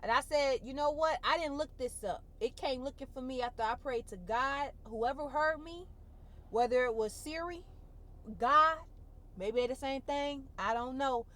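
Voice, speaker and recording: High-voiced woman telling a tearful story. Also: normal speed. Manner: expressive, colloquial, repeats phrases for emphasis. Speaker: vlogger. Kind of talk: emotional personal testimony.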